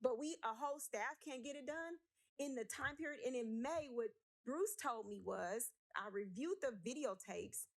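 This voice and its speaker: A woman's voice: sits high, animated, moderate pace. A woman speaking at a city council meeting, emotional, blunt and emphatic as she argues her point. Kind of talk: impassioned council meeting speech.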